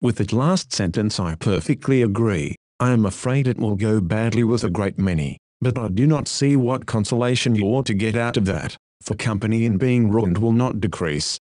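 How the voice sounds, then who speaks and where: A man's voice: on the low side, darkish tone, dry recording, studio quality. Solemn man reading an old sermon. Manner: solemn, earnest, measured. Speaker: preacher. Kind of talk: read sermon.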